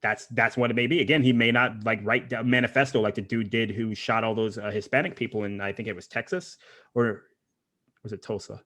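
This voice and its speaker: A man's voice: fairly low pitch, fairly even intonation, bright, forceful tone. A man hosting a podcast, talking casually and laughing often. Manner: fast, chatty, laughs often. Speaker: podcast host.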